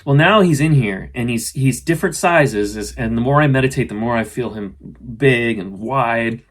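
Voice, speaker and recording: A middle-aged man, host of a spiritual podcast, talking earnestly and gently about self-love, often voicing his own inner dialogue. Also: medium pitch, normal speed. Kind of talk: casual spiritual self-help talk.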